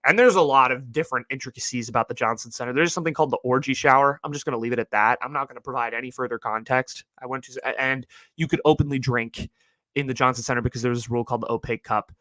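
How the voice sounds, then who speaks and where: A young man hosting a podcast, telling stories about college in an animated, casual way and saying "like" a lot. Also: mid-range voice, very fast, no echo. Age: young adult. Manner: animated storytelling, heavy use of "like". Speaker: podcast host. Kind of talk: casual monologue.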